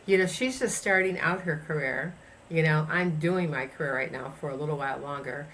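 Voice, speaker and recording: A woman's voice: deep voice, fairly even intonation, fairly quick, a bit bright, slight background noise. A woman in her sixties from the United States, a chiropractor telling travel stories in a casual interview, rambling with many fillers and restarts. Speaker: guest chiropractor.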